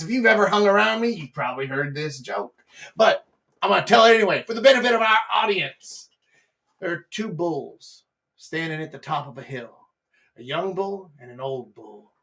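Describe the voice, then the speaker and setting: Excitable, bright-voiced male stream host. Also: a little high, distant mic. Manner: excitable and profane, jumps between loud and soft. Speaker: live-stream host giving dating advice. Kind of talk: casual comedic live-stream talk.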